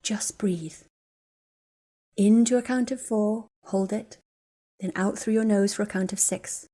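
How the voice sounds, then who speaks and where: A woman's voice: medium pitch, fairly even intonation, normal speed, mellow, lightly acted. A woman reading a story aloud and voicing a worried young woman who urgently comforts a friend. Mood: soothing. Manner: urgent, then soothing and firm. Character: young woman, anxious but steadying her friend.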